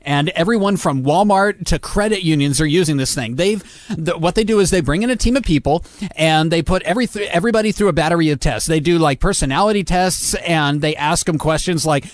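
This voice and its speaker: A man's voice: on the high side, fairly quick, no room sound. A man co-hosting a radio show, joking in casual banter and laughing often, with many fillers and restarts. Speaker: radio co-host. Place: radio studio.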